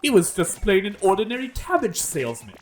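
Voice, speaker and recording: A man's voice: high-pitched, wildly swooping pitch, brisk, pitched above the performer's own voice. A man voicing an undercover male detective posing as a cabbage seller, in a fake transatlantic British accent with pompous, sing-song salesman patter. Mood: hammy sales pitch.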